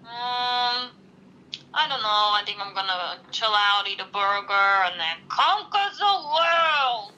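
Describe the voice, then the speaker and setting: A woman's voice: high voice, expressive, sharp tone, heavily acted. A woman playing a male supervillain on a prank phone call, stubborn and turning down every plea. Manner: stubborn, slow and unhurried, refuses every plea. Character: male supervillain bent on world conquest.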